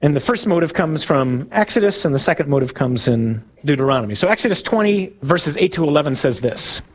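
A man's voice: a little high, expressive, brisk. A man, a priest giving a conversational sermon who asks his listeners questions, tells jokes and laughs at his own stories.

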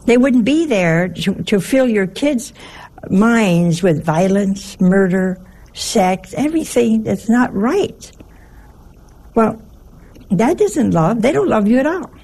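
A woman with a gravelly, creaky voice preaches in an easy, conversational way. She jokes and asks her listeners rhetorical questions, keeping her pitch in a middle range. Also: expressive, slow pace, dark tone. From Italian family. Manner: folksy, humorous, full of rhetorical questions. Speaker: religious teacher. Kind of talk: conversational sermon.

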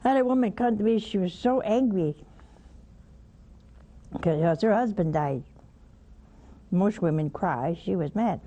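A woman's voice: mid-range voice, lively intonation, unhurried, long pauses, dark tone, highs cut off. A woman giving a spoken sermon, blunt and teasing, with pointed asides to her listeners. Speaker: religious broadcaster teaching scripture.

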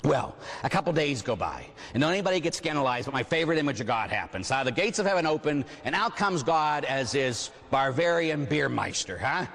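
Male retreat preacher, lively storytelling sermon, slightly high voice, long hall echo. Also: a little fast, hardly any pauses. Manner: animated, frequent "huh?" asides. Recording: long echoing hall reverb.

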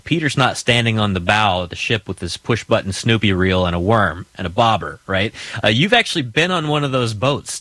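A man's voice: on the low side, no echo. Folksy male talk show host. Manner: relaxed, folksy questioning. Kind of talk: radio talk show interview.

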